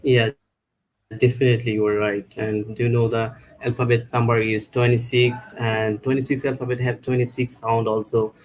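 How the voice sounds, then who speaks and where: A man hosting a live online English-speaking show, talking in a halting, loose way with many restarts over a video call. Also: medium pitch, flat delivery, poor audio. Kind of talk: casual live-stream chat.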